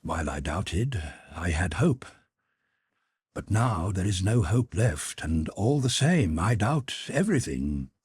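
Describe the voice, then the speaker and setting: A rigid, wounded husband speaking in clipped, formal phrases, his voice very deep and husky. A man voices him in a dry audiobook reading. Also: dry recording, heavily acted. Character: cold, stiff, wounded middle-aged husband.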